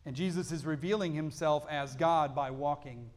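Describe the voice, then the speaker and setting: A man with a high voice preaches a sermon to his congregation. He reads scripture aloud and then explains it earnestly. He swings from emphatic peaks down to hushed, quiet lows. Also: fairly even intonation, moderate pace, hardly any pauses. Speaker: pastor.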